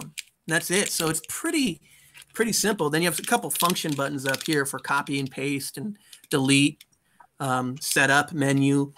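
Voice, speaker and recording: A man's voice: on the high side, pushed and bright, a little hiss or hum. A man co-hosting a live talk show on a video call, explaining synth gear casually with restarts and fillers. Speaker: co-host. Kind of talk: casual chat.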